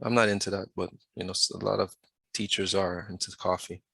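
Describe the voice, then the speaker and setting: Man, math teacher, lowish bright voice, quizzes the class, patient, dry close sound. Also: level tone, fairly quick, gravelly, breathy edge, no echo. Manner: asks the class questions, patient. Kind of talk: classroom lesson over a video.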